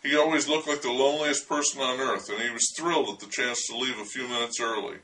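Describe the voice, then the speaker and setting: A man's voice: medium pitch, fast, pushed and bright, recorded from a distance, slight background noise, rough recording. Man narrating with wry, dry humor. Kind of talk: storytelling memoir narration.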